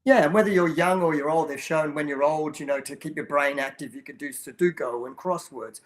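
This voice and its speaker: An older man with a somewhat high voice talks about coaching children in a casual, earnest interview. He tells stories with many restarts and little asides. His tone stays heartfelt and conversational. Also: a little fast. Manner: storytelling, earnest, many restarts and you-knows. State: choked up while telling a story. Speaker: guest, children's movement program coach.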